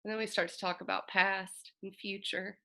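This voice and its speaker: A woman's voice: mid-range voice, little pitch movement, normal speed, vocal fry, sharp tone. A woman astrologer hosting a casual, earnest talk, reflective and openly emotional as she speaks. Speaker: astrologer host.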